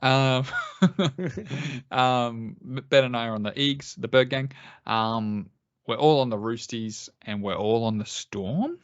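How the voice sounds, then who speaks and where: A man's voice: medium pitch, slow pace, smooth, no room sound, highs cut off. A man co-hosting a casual podcast, laughing often and running through a list with filler ums. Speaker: podcast co-host.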